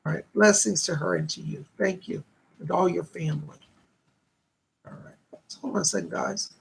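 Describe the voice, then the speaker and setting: A man's voice: fairly high pitch, animated, normal speed, gravelly, fairly bright tone, a little hiss or hum. A man hosting a live stream of psychic readings, chatty and upbeat, reading viewer comments aloud and thanking donors.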